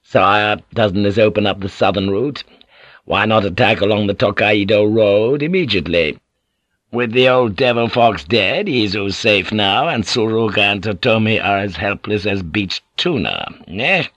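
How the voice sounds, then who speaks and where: A scheming, gloating lord, played by a male narrator, pushes his case eagerly and slyly in a low voice. The sound is close and dry. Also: measured pace, a bit bright, no room sound, lo-fi sound. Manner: eager and insinuating.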